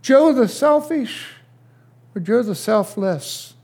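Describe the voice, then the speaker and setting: Slow high-voiced older male pastor. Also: animated, gravelly, breathy edge. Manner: slow, questioning preacher who swings from loud to hushed. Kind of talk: sermon.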